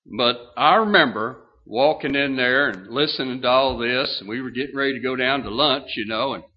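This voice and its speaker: An older man in his sixties preaching a sermon, telling a folksy story with drawn-out phrases and many fillers. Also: mid-range voice, slightly rough, dull audio. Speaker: pastor.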